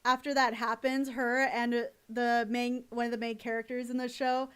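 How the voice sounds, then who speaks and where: High-voiced gushing woman streamer. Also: little pitch movement, normal speed, a bit bright, smooth. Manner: rambling and gushing, swears, reads out chat. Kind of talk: casual live-stream chat.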